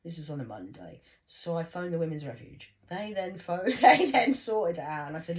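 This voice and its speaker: A middle-aged woman with a Geordie accent talks in a loose, rambling monologue, swearing freely as she goes. Her voice sits a little low for a woman, and she slips into other people's voices mid-story. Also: expressive, a little fast, few pauses.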